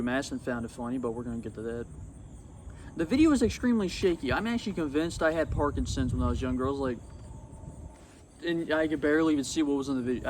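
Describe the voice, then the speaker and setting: A young man talking casually about his old video on his phone outdoors, rambling and excitable. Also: fairly high pitch, slight background noise. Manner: rambling and excitable, swats at bugs. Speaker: YouTuber. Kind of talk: casual vlog commentary. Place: outdoors among insects.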